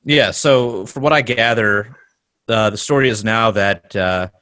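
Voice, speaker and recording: A man's voice: fairly low pitch, measured pace, pushed and bright, no room sound. A man chatting casually with friends, hesitant with many fillers. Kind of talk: casual chat.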